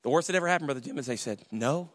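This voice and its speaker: A man preaching as a pastor, telling humorous stories and loudly acting out the voices of people he quotes. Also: mid-range voice, rapid-fire, no room sound, studio quality. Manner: animated storyteller, acts out quoted voices loudly.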